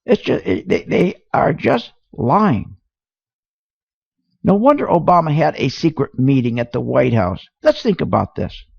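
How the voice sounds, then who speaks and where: A man's voice: on the high side, big pitch swings, a little slow, gravelly, husky, no echo. A man hosting a radio talk show, ranting indignantly with rhetorical questions, heard through a dull lo-fi radio sound. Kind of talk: opinionated radio talk on markets.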